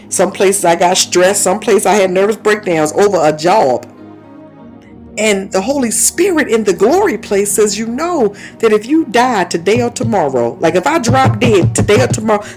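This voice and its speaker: Woman, 50s, preacher; mid-pitched, conversational sermon with tongues, soft music behind. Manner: lively storytelling with laughs and asides; breaks into speaking in tongues.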